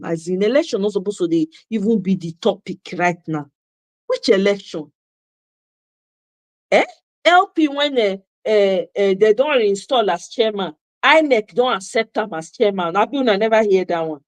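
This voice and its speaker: A commentator with a Nigerian accent delivers a passionate monologue in a mid-range, sing-song voice at normal speed, with no room sound. She repeats herself for emphasis and drops into asides in Pidgin.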